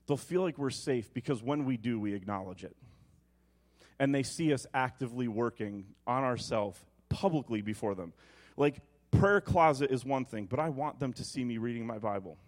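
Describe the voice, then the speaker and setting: A man in his thirties preaching a sermon, moving between quiet reflection and animated personal storytelling. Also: mid-range voice, moderate pace. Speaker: pastor.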